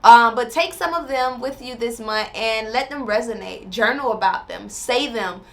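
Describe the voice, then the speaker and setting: Woman host, bright higher voice, slow repeated affirmations then casual encouraging chat. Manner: repeats each affirmation slowly, then chats casually to viewers; encouraging, addresses viewers as y'all. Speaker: spirituality vlogger. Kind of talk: reading and explaining affirmations.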